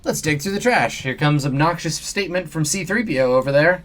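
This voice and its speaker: A man's voice: on the high side, animated, a little fast, hardly any pauses, fairly bright tone. A man hosting a live let's play, reading game narration aloud in a playful manner.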